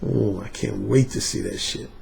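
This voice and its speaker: A man putting on the voice of a smooth seductive man who murmurs low, hushed and drawn out. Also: normal speed.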